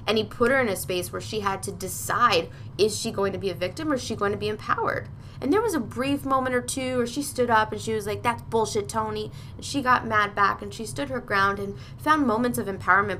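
A woman's voice: mid-range voice, pushed and bright, slight background noise. A woman hosting a motivational podcast, speaking emphatically and bluntly, swearing freely and addressing her listeners directly. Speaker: podcast host and coach.

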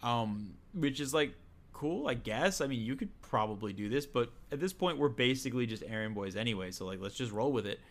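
A man's voice: mid-range voice, animated, brisk. Joking man recapping a game. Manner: joking, sarcastic, laughs often. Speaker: podcast co-host. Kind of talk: casual game recap chat.

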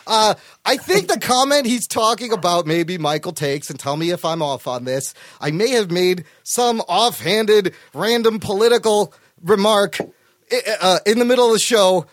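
A man hosting a casual podcast, excitable, swearing freely and ranting fast. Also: high-pitched, dry recording, clean studio sound. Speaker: podcast host.

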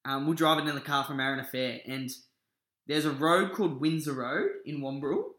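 A young adult Australian man co-hosts a podcast from a living-room lounge, chatting casually and rambling, laid-back and sweary. His voice is on the high side and a bit bright, and he talks fairly quickly. A single shared mic picks him up with a roomy echo.

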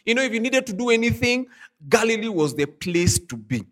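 A man preaching an online sermon, who reads scripture aloud slowly and talks to his listeners in a loose, conversational way full of "you know" and "I mean". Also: very high-pitched, big pitch swings, a bit bright. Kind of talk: online sermon, Bible teaching.

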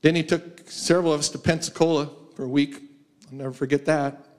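Male guest preacher, fairly high voice, anecdotal sermon delivery, chuckles between stories. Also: fairly even intonation, brisk, darkish tone. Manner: storytelling, laughs often, acts out quoted voices. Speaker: guest speaker. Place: church sanctuary.

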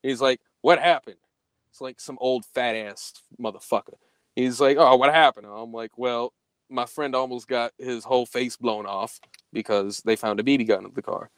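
A young man telling a story in casual podcast chat, profane and animated, acting out the quoted dialogue. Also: medium pitch, normal speed, clear, resonant tone, dry recording.

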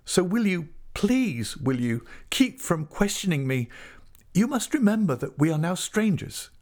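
A man's voice: on the high side, sing-song, takes it slowly, a little mellow, breathy edge, voice pushed up, exaggerated voice. A man voicing a proud, distressed young woman who pleads earnestly in a raised voice. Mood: pleading.

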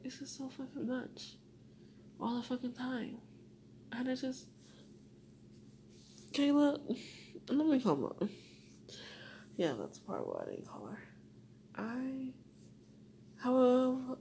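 A young woman hosting a solo podcast, talking to herself and rambling with lots of swearing, dropping to whispers and rising to loud venting. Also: sits high, sing-song, takes it slowly, pauses often, a little hiss or hum. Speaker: podcast host.

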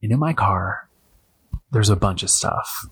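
A man hosting a podcast, telling a story in an animated way, acting out what people said and filling his talk with "like". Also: lowish voice, a little slow, breathy edge. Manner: animated, acts out quotes, heavy use of "like". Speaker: podcast host. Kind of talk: storytelling monologue.

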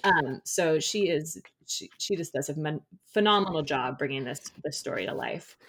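Low-voiced woman, chatty and enthusiastic. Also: lively intonation, moderate pace, fairly bright tone, slight background noise. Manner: enthusiastic, rambling, many fillers and restarts. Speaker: podcast host reviewing a picture book. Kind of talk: casual chat.

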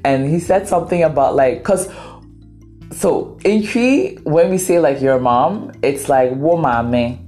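A woman's voice: deep voice, unhurried, faint music behind. A woman from Ghana whose first language is Twi, hosting a podcast and telling a story in a casual, dramatic, playful way. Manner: animated, dramatic, playful, acts out quoted voices. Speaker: podcast host.

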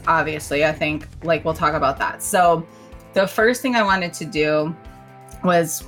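Bubbly woman gamer, lowish voice. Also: a bit bright. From Wisconsin. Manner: bubbly, laughs often, says "like" and "dude". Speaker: podcast co-host. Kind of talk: casual chat.

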